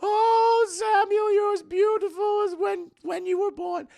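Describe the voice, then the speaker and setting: A man voicing a gushing, overjoyed pious mother in a shrill, mocking falsetto. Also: fairly even intonation, unhurried, creaky, a little mellow, dry recording, studio quality, heavily acted.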